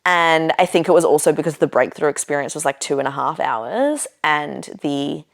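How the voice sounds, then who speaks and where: A woman's voice: sits low, animated, moderate pace, vocal fry. A woman podcast host casually telling a personal story, chatty, with lots of "like" and "you know" and the odd swear.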